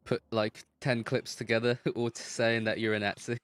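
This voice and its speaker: A man's voice: mid-range voice, little pitch movement, moderate pace, a bit bright, a little hiss or hum. A man in casual chat with a friend who is streaming a game; he jokes around and laughs often.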